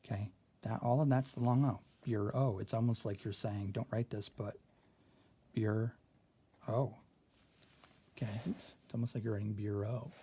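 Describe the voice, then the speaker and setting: A man's voice: lowish voice, fairly even intonation, normal speed, warm tone, breathy edge. A man teaching a spelling lesson, walking through a word sort and checking in often with "okay.".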